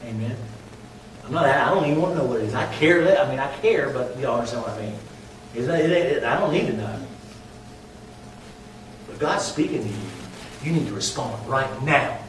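Pastor, fervent preaching that drops to quiet prayer, big reverberant church, faint hum behind. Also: male voice, mid-range voice, animated, brisk, pauses often. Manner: impassioned preaching, swinging from loud to hushed. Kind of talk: sermon with altar call and prayer. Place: large church sanctuary. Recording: very echoey hall, mic distant.

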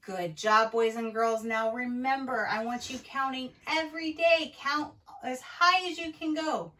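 A woman's voice: high voice, fairly even intonation, measured pace, hardly any pauses, pushed and bright, far from the mic, low-quality recording. A woman teacher reading a picture book aloud to young children, cheerful and encouraging. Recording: voice from away from the mic.

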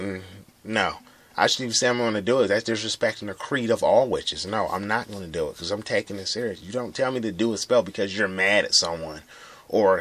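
Young man, very low voice, rambling blunt vlog monologue with plenty of swearing. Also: a little fast, bright, forceful tone, no echo. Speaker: vlogger. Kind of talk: rambling casual monologue to camera.

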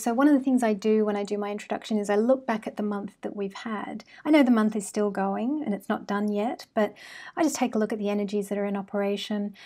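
A woman with an Australian accent tinged with British and American sounds talks straight to her viewers. Her voice sits at an ordinary middle pitch, and her talk runs loose and friendly, full of ums and asides. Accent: Australian with British and American traces. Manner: chatty and warm with frequent fillers. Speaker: astrology channel host. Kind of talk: casual monologue to camera.

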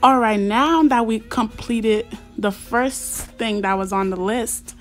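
A woman's voice: on the high side, takes it slowly, soft background music. Slangy, chatty young woman gamer. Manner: slangy, chatty, bursts into excited squeals and shouts. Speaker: gaming YouTuber. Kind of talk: casual gameplay commentary.

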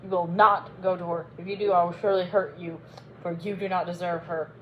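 A brooding older priest hidden under a dark cape, menacing and secretive, played by a woman reading a storybook. His words come low and controlled, with a threat behind them. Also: flat delivery, a little fast, muffled recording, a little hiss or hum, close to an everyday voice.

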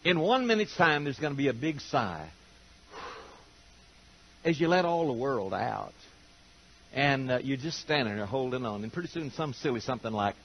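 A man's voice: medium pitch, big pitch swings, moderate pace. An older man preaching a sermon to a congregation, telling homespun, humorous stories and acting out the quotes. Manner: folksy, humorous storytelling with acted-out quotes. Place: church auditorium with congregation. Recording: dull lo-fi sermon recording.

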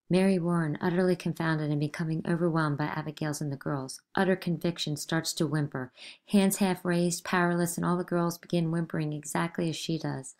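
A woman reading the stage directions of a play aloud in a measured, expressive way. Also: low voice. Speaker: reader.

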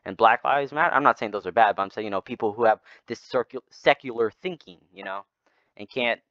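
A young man leading an informal Bible study, retelling stories in a rambling, animated way. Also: mid-range voice, a little fast, no echo. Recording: slightly dull lo-fi sound.

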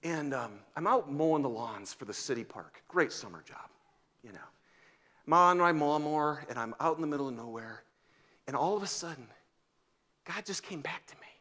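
A man's voice: a little high, expressive, brisk. Man in his fifties preaching a sermon. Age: 50s. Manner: storytelling with wide swings from loud to hushed. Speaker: pastor. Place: church sanctuary.

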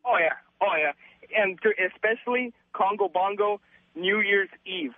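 A young man calling a radio show by phone, excited and full of slang. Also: high-pitched, normal speed, dry recording. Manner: excited, laid-back surfer slang. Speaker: caller. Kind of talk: phone-in chat. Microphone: telephone. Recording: tinny phone line.

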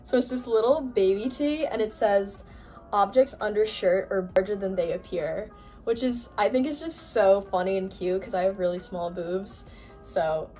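A young woman filming an unboxing haul vlog, gushing and gasping with excitement over each item. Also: medium pitch, moderate pace, faint music behind. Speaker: vlogger.

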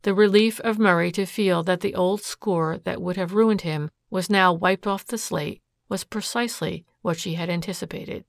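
A woman giving a steady scripted narration of a classic detective story. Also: on the low side, moderate pace, creaky, few pauses, no echo, studio quality. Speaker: audiobook narrator.

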